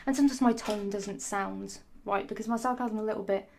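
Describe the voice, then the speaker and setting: A young woman rants on her vlog with a sarcastic, sassy edge. She swears freely and keeps drifting off topic, talking at a middling pitch. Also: steady tone, fairly quick, gravelly, darkish tone, a little hiss or hum. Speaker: vlogger. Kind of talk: ranting casual monologue.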